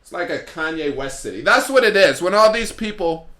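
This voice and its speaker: A man's voice: sits high, expressive, brisk, sharp tone. A man hosting a solo podcast, ranting sarcastically and mocking what he criticizes, recorded in an echoey room. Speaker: podcast host.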